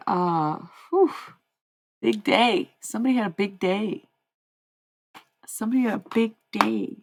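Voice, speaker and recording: A woman's voice: on the low side, slight background noise, low-quality recording. A young woman livestreaming, chatting loosely with her viewers and drifting from point to point as she goes. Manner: rambling and easily sidetracked, talking to chat. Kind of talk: casual livestream chat.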